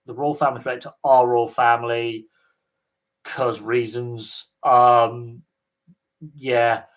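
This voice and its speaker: A man from Britain hosting a live sports Q&A stream, chatting casually and rambling with lots of ums and uhs. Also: medium pitch. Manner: rambling, chatty, many fillers. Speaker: livestream host.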